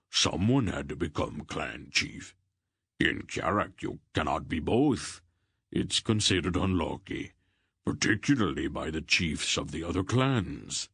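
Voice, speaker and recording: A man reading the part of a gruff warrior earl who waves off his own titles. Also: very deep voice, fairly bright tone, dry recording, studio quality, full character voice.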